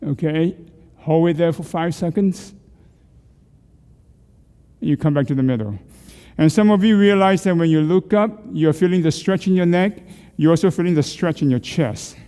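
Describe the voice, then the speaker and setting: A man's voice: fairly high pitch, normal speed, mellow, clean tone, in a large hall. A middle-aged man leading a group through neck exercises. He coaches, asks questions and jokes with the class. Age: middle-aged or older. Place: church hall.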